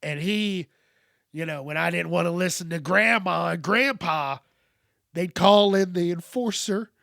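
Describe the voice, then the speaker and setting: A man in his thirties talks slowly and reflectively, with casual profanity and many pauses where his voice drops away. His voice sits a little higher than most men's. The recording is close and dry, with no room sound. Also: gravelly, no room sound. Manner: candid, profane, pauses often and trails off softly. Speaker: podcast host. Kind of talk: slow reflective monologue.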